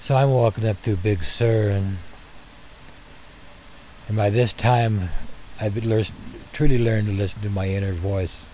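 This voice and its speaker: An older man telling personal stories in a gentle, heartfelt way, speaking to his listeners as dear friends. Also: lowish voice, steady tone, measured pace, a little hiss or hum. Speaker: storyteller. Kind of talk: personal storytelling.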